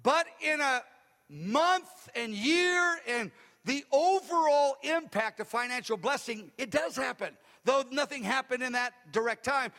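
A male pastor telling stories in a sermon, acting out the dialogue in an animated way. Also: very high voice. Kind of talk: sermon storytelling. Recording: long reverb of a large hall.

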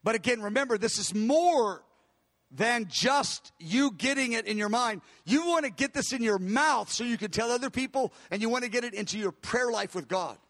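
Preacher guy, really high bright voice, punchy repeats, slows way down on the big lines. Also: expressive, long reverb tail. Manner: emphatic, repeats declarations, slows down to stress words. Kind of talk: sermon.

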